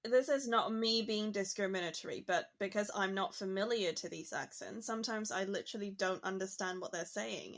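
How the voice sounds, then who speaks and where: In a mid-range, somewhat bright voice, a woman muses casually for a podcast. Her talk is loose and conversational, peppered with frequent "like" fillers.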